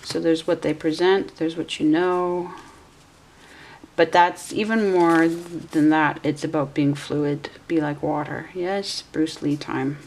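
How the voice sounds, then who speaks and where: Woman in her 40s doing a tarot reading, deep voice w some vocal fry, thinks out loud. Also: steady tone, takes it slowly. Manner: musing aloud, self-correcting. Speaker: tarot reader.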